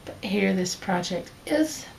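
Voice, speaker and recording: A woman's voice: mid-range voice, expressive, a little slow, vocal fry, a little mellow, a little hiss or hum. A woman vlogging casually to the camera about her stitching, chatty and rambling, often restarting her sentences. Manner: chatty, rambling, with fillers and self-corrections. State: hiccups.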